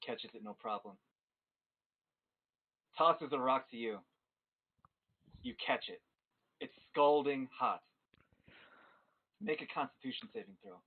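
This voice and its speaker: A man narrating a tabletop game as game master, telling the scene in an animated way. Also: mid-range voice, slow, gravelly, long pauses, husky. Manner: animated storytelling. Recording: tinny phone-like stream audio.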